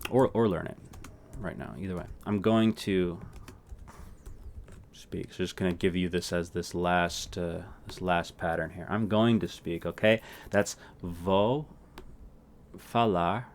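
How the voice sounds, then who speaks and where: A male language teacher with a low voice talks through a casual lesson. He speaks slowly and easily, repeating words for practice and often checking in with "right?". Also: fairly even intonation.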